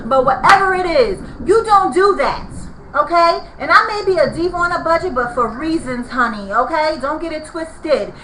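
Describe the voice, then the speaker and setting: A woman's voice: high-pitched, animated, normal speed, hardly any pauses, bright, forceful tone. A woman, ranting angrily to her viewers about a street confrontation. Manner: heated, ranting, addresses viewers as "people" and "y'all". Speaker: vlogger. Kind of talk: angry storytime vlog. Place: apartment room. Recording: echoey room with faint noise.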